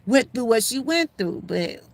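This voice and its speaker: Talking straight to her audience, this older Georgia woman runs a relaxed livestream with homespun, folksy charm. She speaks at a normal speed in a fairly high voice that swings widely in pitch.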